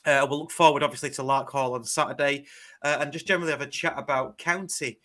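English man, podcast co-host, bright forceful tone, slightly high, easygoing with ums. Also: steady tone, fast. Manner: laid-back, hesitant with fillers. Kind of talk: casual podcast chat.

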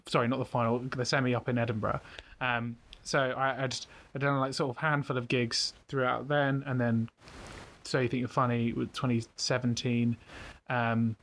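A man's voice: medium pitch, a bit bright, a little hiss or hum. A young British man, a comedian guest, chatting casually and telling anecdotes with energy. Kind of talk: casual interview chat.

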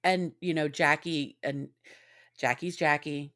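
A woman's voice: low voice, fairly even intonation, slow, fairly bright tone. A middle-aged woman guest on a podcast, chatting casually with dry humor and laughing along. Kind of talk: casual chat.

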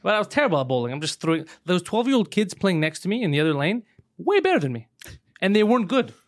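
Podcast co-host, male, high-pitched and rapid, a loose swearing raconteur. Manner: animated, swearing, laughs through his stories. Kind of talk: casual storytelling chat.

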